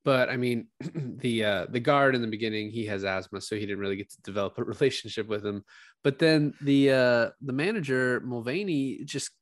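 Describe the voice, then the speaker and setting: A man's voice: medium pitch, moderate pace, dry recording, clean studio sound. Casual man chatting about a film. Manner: animated retelling, acts out quotes.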